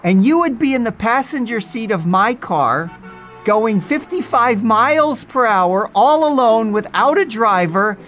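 A woman's voice: mid-range voice, lively intonation, a little fast, hardly any pauses, soft background music, pitched above the performer's own voice, natural voice. A man voicing an earnest woman friend who insistently warns a boy of doom. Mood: urgent. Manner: insistent, rising urgency.

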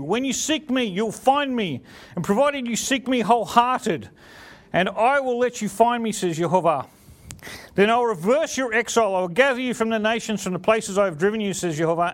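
High-voiced man reading scripture aloud.

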